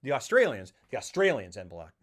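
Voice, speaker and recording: A man's voice: mid-range voice, wildly swooping pitch, brisk, slight background noise. A man co-hosting a casual film talk show, rambling and acting out movie quotes in funny voices. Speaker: podcast co-host.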